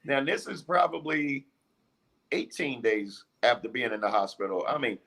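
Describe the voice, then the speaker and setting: Gravelly husky-voiced man telling a story. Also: medium pitch, moderate pace. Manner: animated, laughing, acts out quotes. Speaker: guest recovering from illness. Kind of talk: casual storytelling interview.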